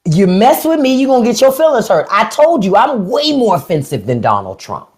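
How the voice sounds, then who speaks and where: Middle-aged woman, livestream host; blunt, taunting delivery with a lively, animated pitch. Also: brisk. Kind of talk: casual livestream talk.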